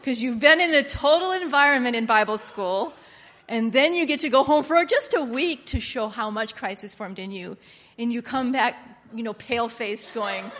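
A woman preaching a sermon, switching from hushed, confiding lines to loud, excited outbursts. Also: high voice, measured pace. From Pennsylvania. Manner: animated, swinging from hushed to loud exclamations. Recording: long hall reverb.

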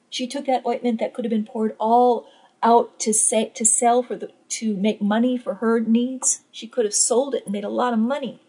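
A woman preaching a sermon with impassioned, repetitive phrasing, often dropping her voice to a breathy near-whisper. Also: a little high, mellow, low-quality recording.

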